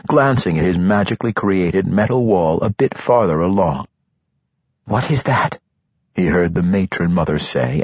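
Husky deep-voiced male narrator. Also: a little mellow, no echo, highs cut off. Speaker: audiobook narrator. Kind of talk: scripted fantasy narration.

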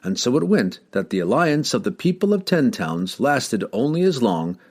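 A man narrating a fantasy audiobook in a dramatic, expressive storytelling manner. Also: medium pitch, moderate pace.

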